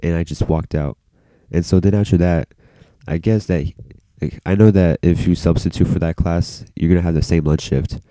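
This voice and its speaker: A man's voice: low voice, fairly even intonation, moderate pace, dark tone, no echo. A male vlogger telling a story in a casual, rambling way, full of "like" and freely dropped swear words.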